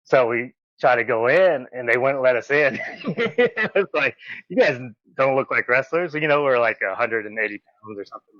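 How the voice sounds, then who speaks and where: A man tells stories as a guest in a casual podcast interview. He talks in an animated way, jumps up in pitch to act out other people's lines and laughs often. The sound is dry and close, with slightly dull, muffled audio. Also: normal speed, no room sound. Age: 40s. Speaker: podcast guest, former wrestler.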